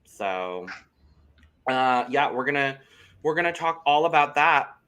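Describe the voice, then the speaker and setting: Bright, animated gossiping man. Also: mid-range voice, a little slow, clean tone. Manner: animated, gossipy, swears freely. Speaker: podcast co-host. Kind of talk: casual chat.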